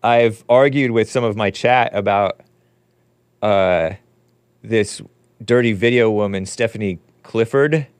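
A man's voice: lowish voice, slow, clear, resonant tone, no echo. A man hosting a call-in show, talking in a casual, rambling way with mocking, opinionated commentary. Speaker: podcast host.

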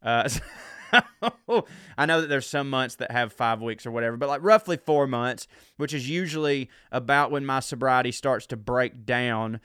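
A comedian with a drawl talks through his solo podcast, rambling, restarting sentences and poking fun at himself. His voice is smooth and clear at a middling pitch. It is recorded close up in a dead-dry room. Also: moderate pace, a bit bright, no echo. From Southern US. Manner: rambling and self-mocking, with many fillers and restarts. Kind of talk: casual solo podcast chat.

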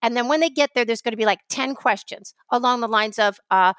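A woman co-hosting a podcast, from New York, telling a story in an animated, ranting way. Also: a little high, clear, resonant tone, no echo. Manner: animated storytelling, quick rants. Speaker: podcast co-host. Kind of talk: casual chat.

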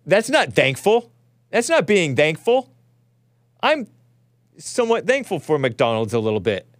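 A man's voice: fairly high pitch, big pitch swings, unhurried, no room sound, studio quality. A male host giving rambling, wry live-stream commentary on footage, often chuckling to himself.

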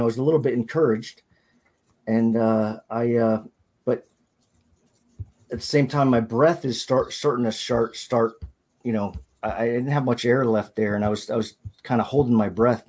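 A man, a podcast guest, recounting a personal ordeal in a halting, hesitant way, often restarting his sentences. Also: mid-range voice, darkish tone, husky. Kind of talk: personal storytelling in an interview.

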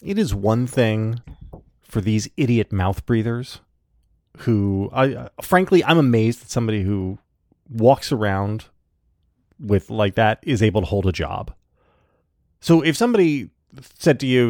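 A man's voice: on the low side, lively intonation, measured pace, long pauses, a little mellow, no room sound. Wry man podcast co-host, dry sound. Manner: wry, emphatic, builds arguments aloud. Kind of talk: casual political chat.

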